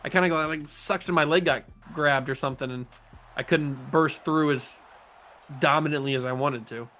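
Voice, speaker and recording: A man commenting on his own football video game, excitable and joking, calling plays and grumbling at the coaching. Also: fairly high pitch, normal speed, faint music behind. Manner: excitable, playful trash talk about his own plays. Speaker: gaming YouTuber. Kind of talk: gameplay commentary.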